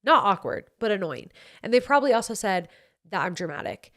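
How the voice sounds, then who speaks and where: A woman's voice: medium pitch, sing-song, a little fast, a bit bright. A woman in her late twenties with a Utah accent, hosting a podcast and giving blunt, sassy advice, swearing freely. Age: 20s. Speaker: podcast host. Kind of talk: casual advice chat.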